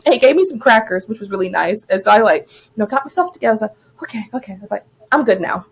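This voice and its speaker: A woman's voice: medium pitch, lively intonation, rapid-fire, slightly rough. A young woman co-hosting a podcast, telling stories in a casual, chatty way and laughing often. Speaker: podcast co-host. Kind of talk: casual chat.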